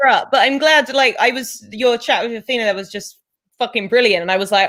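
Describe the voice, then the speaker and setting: A woman's voice: on the high side, a bit bright. Effusive young woman guest. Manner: quick, effusive, trailing off mid-thought. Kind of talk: casual chat.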